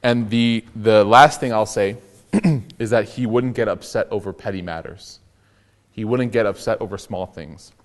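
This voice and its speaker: A man's voice: fairly low pitch, measured pace. A young man giving a casual, joking sermon as an Islamic lecturer, telling stories and acting out the quotes. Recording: long hall reverb.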